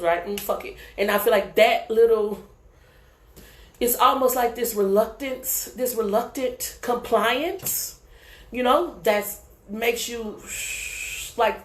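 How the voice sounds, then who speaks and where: A woman's voice: mid-range voice, a little slow. A woman giving a live tarot reading in a casual, profane, chatty way, often checking in with the listener. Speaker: tarot reader. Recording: echoey room, faint background noise.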